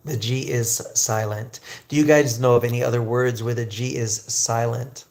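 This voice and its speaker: A man teaching English on a livestream, chatting with viewers and slowly drilling pronunciation. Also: medium pitch, fairly even intonation, a little mellow. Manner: slow, drawn-out pronunciation drills.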